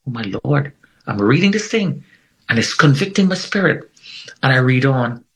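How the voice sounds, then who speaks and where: A man's voice: medium pitch, lively intonation, normal speed, fairly bright tone, low-quality recording. A middle-aged man telling his life story in conversation, earnest and emphatic, repeating phrases for weight. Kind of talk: personal testimony in conversation.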